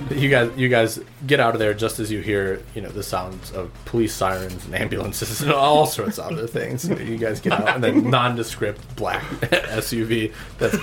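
A man's voice: fairly low pitch, moderate pace, few pauses, fairly bright tone, soft background music. A man narrating as game master in a casual way, full of fillers and laughs.

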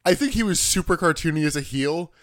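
A man co-hosting a casual podcast, animated and laughing often as he recaps. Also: fairly high pitch, fast, dry recording, clean studio sound. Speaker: podcast co-host. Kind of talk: casual chat recapping wrestling.

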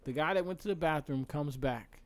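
A man co-hosting a casual podcast, telling crude jokes in a lively, slangy way. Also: fairly high pitch, brisk. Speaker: podcast co-host.

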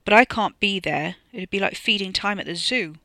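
A narrator voicing an anxious, put-upon young man in an audiobook, agitated and quick to raise his voice. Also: mid-range voice, pushed and bright, no room sound, clean studio sound. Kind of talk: audiobook character voice.

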